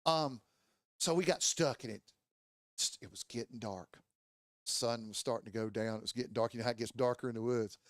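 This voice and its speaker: A man's voice: medium pitch, a little fast, no room sound, clean studio sound. A man telling a casual, profane motorcycle story and acting out the voices and sounds of his friends. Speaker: podcast storyteller. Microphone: studio mic.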